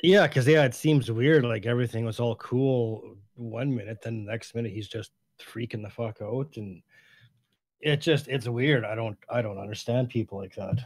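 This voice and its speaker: A man's voice: medium pitch, moderate pace, no room sound. A man with a mid-range voice chats casually, hesitant and loose. He leans on "like" fillers. His sound is dry and close. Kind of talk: casual chat.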